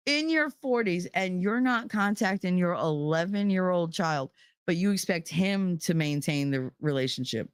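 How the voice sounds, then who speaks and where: A woman's voice: fairly low pitch, expressive, normal speed, smooth, dry recording, studio quality. A middle-aged woman streaming from home, telling a story in casual chat, heated and profane. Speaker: live streamer.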